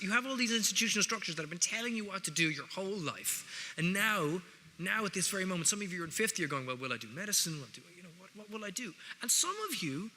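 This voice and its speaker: A man's voice: high-pitched, bright, forceful tone. Wry Irish man in a large hall. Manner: wry, conversational, jokey asides. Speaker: guest speaker. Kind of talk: public speech to students. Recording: reverberant hall, faint noise.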